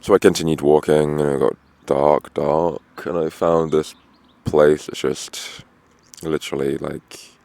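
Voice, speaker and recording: A man's voice: very deep voice, level tone, measured pace, vocal fry, a little mellow, no echo. A tired, dehydrated man rambling outdoors at a roadside camp, full of fillers and swearing. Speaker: vlogger on a long walk. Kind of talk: rambling casual monologue.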